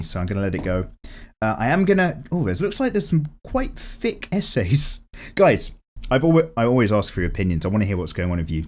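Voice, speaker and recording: Lively man, voice slightly cracking. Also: on the low side. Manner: chatty and lively, swears freely. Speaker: YouTube art channel host. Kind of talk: casual chat reading viewer comments.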